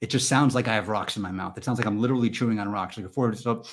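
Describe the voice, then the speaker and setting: A man hosting a live stream and chatting with viewers in a goofy, rambling way, jumping from loud mock-indignant bursts to mumbled asides. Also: on the low side, rapid-fire. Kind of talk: joking live chat with viewers.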